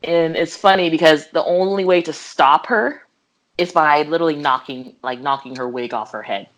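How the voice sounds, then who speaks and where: Giggly low-voiced young woman. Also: normal speed. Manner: giggly, animated retelling with voiced quotes. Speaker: podcast co-host. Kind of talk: casual chat.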